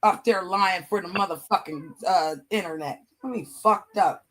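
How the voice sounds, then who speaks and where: A woman's voice: on the low side, normal speed, a bit bright. Angry, profane woman venting on a livestream. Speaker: livestream host. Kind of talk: heated livestream chat.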